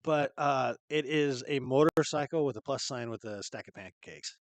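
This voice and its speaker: A man's voice: mid-range voice, moderate pace, no room sound. A man hosting a casual live-stream podcast from a studio, laid-back and chatty with plenty of slangy asides. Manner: laid-back and chatty, says "rad" and "dude" a lot. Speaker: podcast host.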